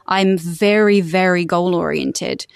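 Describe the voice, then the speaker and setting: A woman's voice: fairly low pitch, takes it slowly, creaky, smooth, dry recording, clean studio sound. A woman who works as a voice-over artist, chatting upbeat and laughing often in a podcast interview. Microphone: studio microphone.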